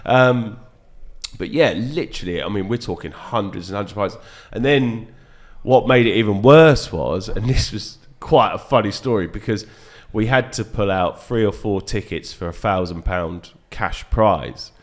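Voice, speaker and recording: A man, a dart reviewer guest, chatting casually on a podcast and telling animated stories with frequent laughs and fillers. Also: lowish voice, moderate pace. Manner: animated storyteller, laughs often, lots of fillers.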